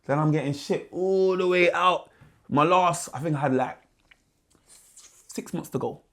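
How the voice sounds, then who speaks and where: A man with a London accent tells stories in a relaxed interview, full of street slang. His voice sits fairly high. When he plays other people in his stories, his pitch jumps way up. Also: unhurried. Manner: animated, mimics voices in his anecdotes with big pitch jumps. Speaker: guest musician. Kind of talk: casual storytelling.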